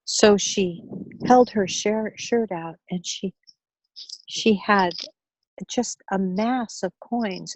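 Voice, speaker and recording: Slow, gentle woman telling a story. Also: mid-range voice, no room sound, rough recording. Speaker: financial wellness speaker. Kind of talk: storytelling in a talk.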